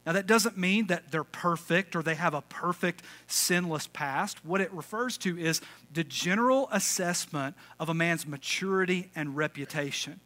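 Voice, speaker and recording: A male pastor preaching a lively, conversational sermon, calling out to the congregation. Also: a little high, normal speed, hardly any pauses. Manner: energetic, conversational, calls for audience response.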